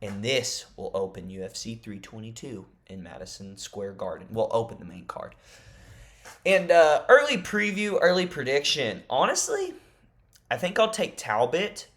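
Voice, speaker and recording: A man talking to camera in a casual fight-prediction vlog, rambling like an animated fan and jokingly insisting his made-up leaks are real. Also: lowish voice. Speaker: MMA YouTuber.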